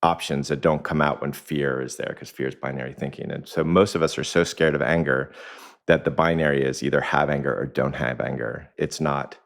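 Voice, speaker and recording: A man with an extremely deep, low voice speaks as a podcast guest. He explains his ideas reflectively, uses anecdotes as examples, and chuckles often. He is recorded in a home kitchen. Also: steady tone, a little fast, creaky. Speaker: executive coach, podcast guest. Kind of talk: conversational podcast interview.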